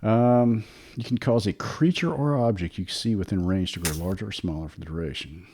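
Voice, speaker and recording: A man's voice: low-pitched, fairly quick, a little mellow, a little hiss or hum. A man running a tabletop role-playing game as game master, reading rules aloud in an easygoing way and laughing along with his players.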